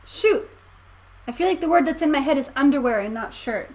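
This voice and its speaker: A woman's voice: sits high, expressive, brisk, a little mellow. A woman hosting a casual chat, playfully trying out Swedish words and laughing often. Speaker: host.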